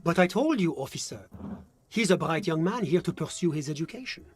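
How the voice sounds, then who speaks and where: Brief: a man playing a genteel game diplomat, polite and slippery, lilting, higher voice. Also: lively intonation, fairly quick, a little hiss or hum, natural voice. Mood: evasive. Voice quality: polite, smooth and evasive. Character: evasive, genteel male diplomat, middle-aged, polished and smooth-talking. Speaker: foreign diplomat questioned by a detective. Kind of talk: video game voice acting.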